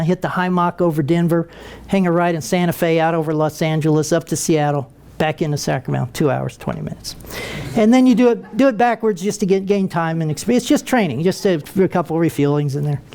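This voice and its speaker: A man's voice: on the high side, a little mellow. Older man telling a wry comic story. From United States. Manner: wry, comic, acts out quoted voices. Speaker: retired military pilot giving a talk. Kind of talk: humorous storytelling to an audience.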